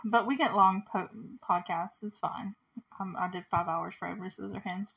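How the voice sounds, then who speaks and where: A young woman hosting a podcast, recapping a film in casual solo chat, full of "like" and "you know" and quick laughs. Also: mid-range voice, gravelly, slightly rough, dull audio. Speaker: podcast host recapping a movie.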